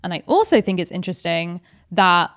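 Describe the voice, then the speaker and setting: A woman's voice: fairly low pitch, expressive, fairly quick. A woman co-hosting a podcast, talking through a film in a thoughtful, analytical way with frequent "like" fillers. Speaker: podcast co-host. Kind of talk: casual film discussion.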